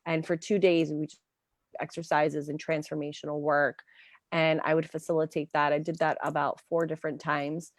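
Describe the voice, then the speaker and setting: Lively woman career coach on a dry call. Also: low-pitched, normal speed, no echo. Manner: animated storyteller, many fillers like "like" and "um". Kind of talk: casual interview chat.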